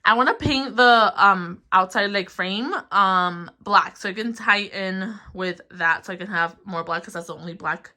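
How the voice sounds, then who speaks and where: A twentysomething vlogger talks unhurriedly with hardly any pauses, her medium-pitched voice pushed and bright. Slightly out of breath, she rambles through a casual tour of her small bedroom, giggling often and saying "um" and "like" a lot.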